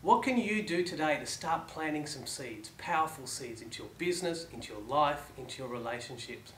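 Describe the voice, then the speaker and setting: A man with a high voice delivers a motivational talk, asking question after question. His phrases often fade quietly at their ends. The sound is echoey, with faint room ambience behind him. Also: expressive, brisk, a little hiss or hum. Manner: rhetorical questions, dropping to soft endings. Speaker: motivational speaker.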